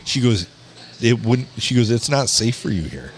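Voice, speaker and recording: A man hosting a podcast from a bar, telling a story in a casual, animated way, swearing and quoting people. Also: medium pitch, moderate pace, slight background noise. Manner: swearing, animated anecdote teller who quotes people. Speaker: podcast host.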